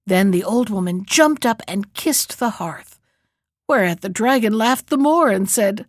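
A woman reading a fairy tale aloud as storyteller, calm and measured. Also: medium pitch, dry recording, clean studio sound.

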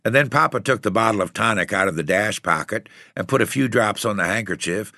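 A man narrates a story aloud in a steady, even reading voice. His low voice has a gravelly grain and a bright, forward tone. The sound is close and dry. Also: fairly quick, dry recording. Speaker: audiobook reader. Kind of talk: scripted narration.

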